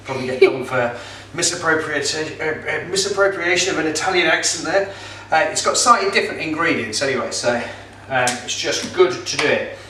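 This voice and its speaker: Bright-voiced chatty man in an echoey kitchen. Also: on the high side, a little hiss or hum. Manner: chatty, jokey, with filler words. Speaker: pizza kit seller and presenter. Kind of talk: casual cooking demonstration. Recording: roomy echo, mic some distance off.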